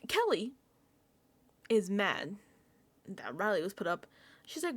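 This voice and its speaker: A woman doing casual recap commentary on her vlog, animated and profane and laughing often. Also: mid-range voice, slow pace, pauses often, slightly rough. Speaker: reality TV recap vlogger.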